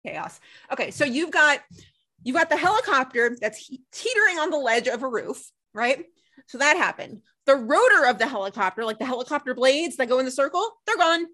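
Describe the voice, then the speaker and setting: A young woman co-hosting a casual recap chat, telling the story with lively acted-out quotes. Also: sits high, fairly quick. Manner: animated storytelling, acts out quotes. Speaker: podcast co-host.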